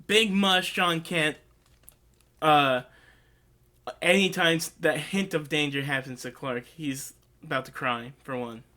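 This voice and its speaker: A man's voice: on the high side, bright, forceful tone. A man hosting a casual movie review vlog, rambling and earnest, with lots of "like" and openly emotional asides. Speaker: host.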